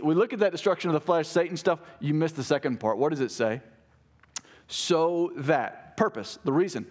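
A pastor in his thirties preaching a conversational sermon, acting out short exchanges between church members. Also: fairly high pitch. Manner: conversational preaching, acts out quoted voices.

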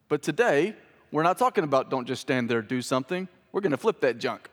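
A man's voice: on the high side, animated, a little fast, fairly bright tone. A man pastor giving a sermon in a church, casual and joking with the congregation. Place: church sanctuary. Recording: hall reverb.

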